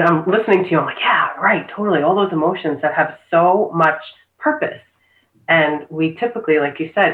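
A woman's voice: sits low, slight background noise. Woman, earnest agreeable practitioner, tinny call audio in a roomy space. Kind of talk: casual conversation. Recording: tinny phone-like line in echoey room.

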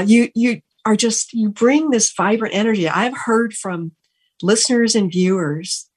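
A woman radio talk show host speaks with open gratitude. Her voice sits at a middling pitch, and her sentences often stop and restart as she searches for words. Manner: earnest, gushing and grateful, with many restarts. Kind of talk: heartfelt on-air thank-yous.

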